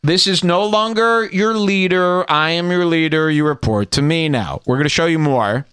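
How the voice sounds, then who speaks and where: Bright, mock-outraged man ranting. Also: fairly high pitch, moderate pace, clear, resonant tone. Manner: mock-outraged, sarcastic, profane. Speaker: podcast host. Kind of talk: ranting comedy podcast.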